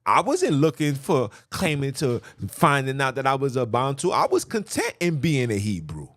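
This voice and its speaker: Animated preachy podcast man, lively pitch. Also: normal speed, no room sound. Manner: animated, preachy, repeats himself for emphasis. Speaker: podcast host. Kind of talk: impassioned religious monologue.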